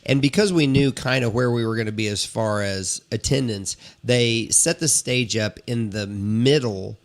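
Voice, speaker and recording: A man guesting on a podcast, telling a profane, animated anecdote in casual chat. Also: mid-range voice, moderate pace.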